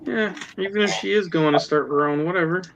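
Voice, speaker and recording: A man's voice: high-pitched, fairly quick, creaky, a bit bright. A man cracking dry jokes in a casual group chat on a live stream. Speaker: stream participant. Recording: dull noisy stream audio.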